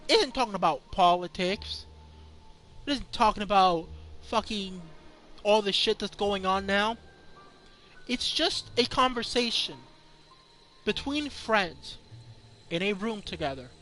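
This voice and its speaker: Man in casual rant, high-pitched and sharp, swears freely and rambles. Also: a little slow, pauses often, soft background music. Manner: profane, rambling, excited. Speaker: movie reviewer.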